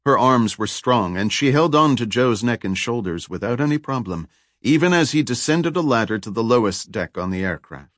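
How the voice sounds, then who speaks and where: A man narrating a thriller audiobook in a steady, even reading. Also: mid-range voice, moderate pace, no room sound, studio quality.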